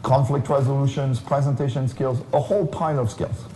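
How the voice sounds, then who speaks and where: A man's voice: medium pitch, steady tone, brisk, mellow, a little hiss or hum. Man lecturing in an echoing hall. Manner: structured, explanatory, defines terms step by step. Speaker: keynote speaker. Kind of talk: conference lecture. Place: conference hall. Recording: echoey hall with long reverb.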